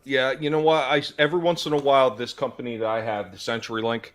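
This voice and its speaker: A man's voice: mid-range voice, steady tone, fast. Blunt joking man, casual stream host. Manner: blunt, joking, grows emphatic when complaining. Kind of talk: casual chat.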